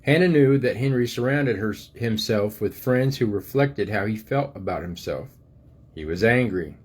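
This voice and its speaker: An older man, a grandfather, reading a storybook aloud to his grandchildren in a gentle, unhurried way. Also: medium pitch, breathy edge.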